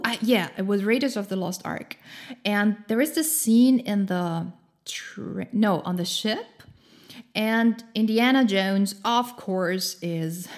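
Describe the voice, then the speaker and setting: A woman giving a casual motivational talk in an encouraging, chatty way, laughing often and using many fillers. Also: medium pitch.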